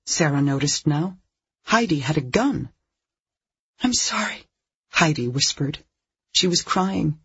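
An audiobook narrator reading a dark thriller in a measured, tense way. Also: mid-range voice, slightly rough, no echo. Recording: dull lo-fi recording.

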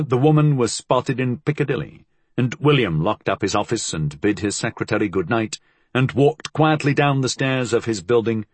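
A man reading a novel aloud as scripted audiobook narration, in a measured, even storytelling manner. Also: medium pitch, breathy edge, no echo.

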